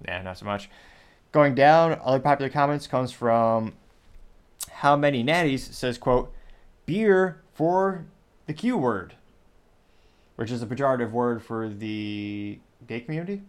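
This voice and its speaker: A man's voice: medium pitch, normal speed, clear, resonant tone. Dry, mocking male commentary host. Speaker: show host. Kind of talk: sarcastic commentary reading social media comments.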